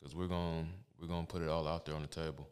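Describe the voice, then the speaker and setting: A man's voice: rumbling low, little pitch movement, fast, a little mellow, smooth. A man co-hosting a podcast, chatting in a laid-back, slangy way. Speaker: podcast co-host. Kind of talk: casual podcast chat.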